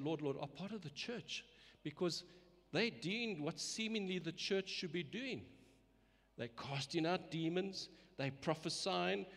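Earnest preacher in a reverberant hall. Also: male voice, a little high, fairly bright tone. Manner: earnest, repeats words, rises and falls for emphasis. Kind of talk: sermon.

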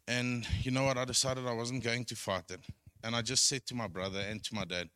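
A man's voice: medium pitch, pushed and bright, clear, resonant tone, no echo. Earnest man giving church testimony. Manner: earnest, halting, with many restarts. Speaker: church member sharing testimony. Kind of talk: personal testimony.

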